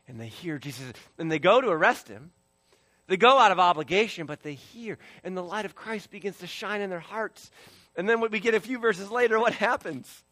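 A male pastor preaching a sermon, swinging from loud emphasis to hushed near-whispers and acting out the voices of biblical figures. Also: high voice, animated, brisk, dry recording.

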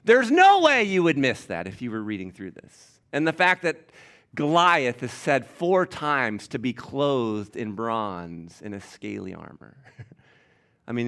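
A male pastor delivering a lively sermon in a voice of middling pitch. He teaches from scripture with emphatic, animated energy and keeps speaking straight to the congregation. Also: a little slow.

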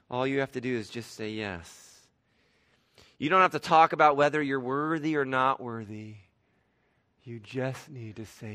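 A man preaching a sermon and leading a closing prayer in a church, swinging from hushed, soft lines to loud, emphatic declarations. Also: medium pitch, measured pace, dry recording. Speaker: pastor. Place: church sanctuary.

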